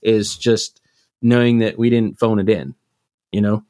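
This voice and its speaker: A man's voice: fairly low pitch, fairly even intonation, unhurried, mellow, clean tone, dry recording, clean studio sound. A man co-hosting a casual podcast, talking in an earnest, reflective way with some loose swearing. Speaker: podcast co-host, live sound engineer. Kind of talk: casual chat.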